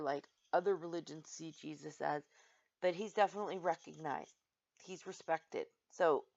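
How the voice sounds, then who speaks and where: Exasperated woman ranting, lo-fi audio. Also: on the low side. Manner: exasperated, animated storytelling with many "like"s. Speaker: vlogger. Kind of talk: casual ranting monologue. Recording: slightly dull lo-fi sound.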